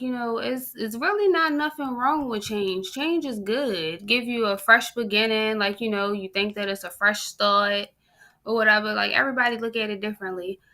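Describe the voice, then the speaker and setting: A woman with a bright, forceful voice chats on a podcast. She speaks bluntly and candidly, in loose everyday slang, at a middling pitch. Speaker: podcast co-host. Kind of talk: casual chat.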